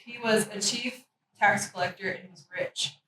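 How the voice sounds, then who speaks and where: A woman in a study group reading scripture aloud at a steady pace. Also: medium pitch, normal speed. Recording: echoey room mic from far off. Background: room ambience noise.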